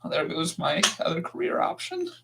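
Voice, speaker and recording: A man co-hosting a casual live stream, trading dry, deadpan jokes. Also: fairly high pitch, normal speed, creaky, slight background noise. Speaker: co-host.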